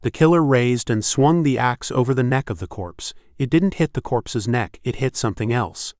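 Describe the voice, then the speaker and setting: A man reading an audiobook in scripted narration, steady and measured. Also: mid-range voice, dry recording, clean studio sound.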